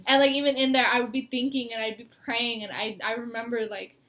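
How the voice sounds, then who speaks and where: A woman's voice: a little high, level tone, fast, a bit bright. A young woman in an emotional sit-down talk, rambling and laughing through tears. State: tearful. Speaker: co-host. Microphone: mic.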